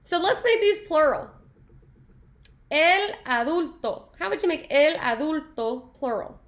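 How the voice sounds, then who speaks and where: A woman teaching a Spanish class, upbeat and playful, praising answers and breaking into quick asides. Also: high-pitched, lively intonation. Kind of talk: classroom lesson.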